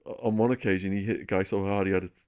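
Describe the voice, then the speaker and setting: Lower-voiced northern English man telling stories. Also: rapid-fire. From England. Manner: lively anecdotal storyteller, laughs at his own tales. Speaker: podcast guest. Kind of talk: casual storytelling interview.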